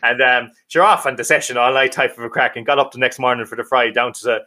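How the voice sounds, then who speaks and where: Boisterous Irish man with a bright voice. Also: medium pitch, steady tone, quick pace. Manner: boisterous, swearing, laughs often. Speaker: podcast co-host. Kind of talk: casual banter.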